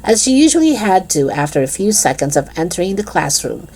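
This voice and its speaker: A woman reading a children's chapter book aloud in an expressive, lively storytelling manner. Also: fairly low pitch, brisk.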